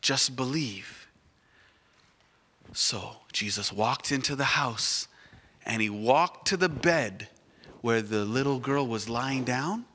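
A man's voice: medium pitch, takes it slowly. A man telling a Bible story to children at church, asking them questions as he goes. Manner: animated, asks the children questions. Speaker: children's sermon leader. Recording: echoey church hall.

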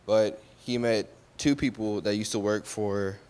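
A man's voice: fairly low pitch, fairly even intonation, measured pace, a little mellow, smooth. Guy telling a bible story off the cuff, keeps saying right?, lots of echo like a big hall. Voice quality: loose and conversational, often checks with "right?" and corrects himself. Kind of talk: casual Bible story retelling. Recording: long hall reverb.

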